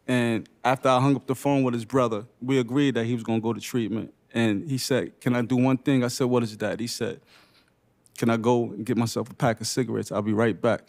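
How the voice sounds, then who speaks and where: A man's voice: medium pitch, fairly even intonation, a little mellow. Earnest man giving emotional personal testimony. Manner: earnest, emotional, speaks in short halting phrases. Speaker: panelist sharing lived experience. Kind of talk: unscripted personal testimony at a briefing.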